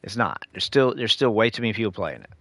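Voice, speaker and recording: A middle-aged man with a very low voice delivers a preachy, lecturing rant to his viewers. He keeps calling them dude and y'all, and the recording sounds close and dry. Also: expressive, fast, a bit bright, no room sound. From United States. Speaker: gaming streamer. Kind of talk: casual ranting monologue.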